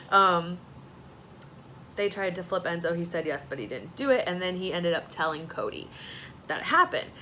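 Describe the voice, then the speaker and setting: A woman's voice: fairly low pitch, lively intonation, pushed and bright, slight background noise, low-quality recording. Sassy, chatty woman recapping TV. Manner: chatty and sassy, with quick asides and laughs. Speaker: reality TV recap host. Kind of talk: casual recap chat.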